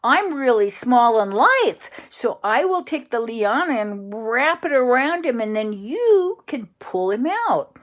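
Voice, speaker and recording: A woman's voice: fairly low pitch, sing-song, unhurried. Woman voicing a small, clever Minotaur. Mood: excited.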